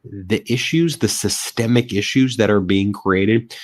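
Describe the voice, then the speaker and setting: A man's voice: on the low side, unhurried, no room sound. A young American man giving indignant, emphatic political commentary. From United States.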